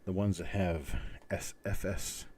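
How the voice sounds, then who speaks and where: A man's voice: low-pitched, steady tone, a little slow, a little mellow, a little hiss or hum. A middle-aged man hosting a coin roll hunting livestream, rambling and joking as he goes, chuckling often. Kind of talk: casual live-stream chat.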